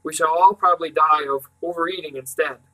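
A gruff old great-uncle professor who speaks firmly and curtly, as a man reading a storybook puts him on. The voice is bright and fairly high for a man. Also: steady tone, fairly quick, low-quality recording. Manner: firm, curt.

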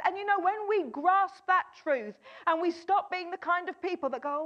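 Lady preaching to her church, high voice, keeps asking the room questions, bit of a dull muffled recording. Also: normal speed, hardly any pauses, some chatter behind, a little hiss or hum. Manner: energetic, asks the congregation questions and urges them to respond. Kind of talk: lively interactive sermon. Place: church gathering. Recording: dull lo-fi sound.

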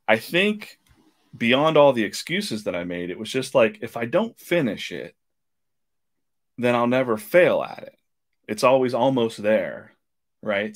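A man hosting a live podcast, talking casually with many fillers and restarts while drawing. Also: fairly low pitch. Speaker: podcast host.

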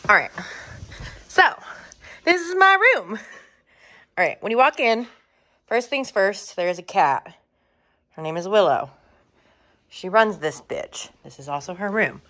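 A woman's voice: mid-range voice, lively intonation, a little slow, long pauses, pushed and bright. A woman in her thirties giving a casual, chatty tour of her room, swearing freely and saying um a lot. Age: 30s. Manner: chatty and offhand, swearing, many ums.

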